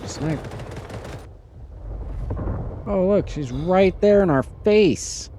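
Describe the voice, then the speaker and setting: A man's voice: sits high, expressive, extremely slow, dark tone, slight background noise. A man doing live gameplay commentary, swearing freely and ranting in exasperation at his teammates, with incredulous outbursts. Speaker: streamer.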